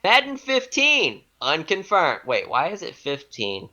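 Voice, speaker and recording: Male co-host, bright and animated, unhurried singsong delivery, giggly. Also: fairly high pitch, lo-fi sound. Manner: reads items in a rising-then-falling singsong, laughs often; giggly, self-mocking. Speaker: podcast co-host. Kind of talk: casual chat reading a list.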